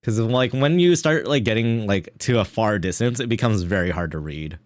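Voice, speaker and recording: A man's voice: on the low side, expressive, moderate pace, no echo. A man streaming while drawing, talking in mumbled, offhand asides full of "like" fillers into a close desk mic.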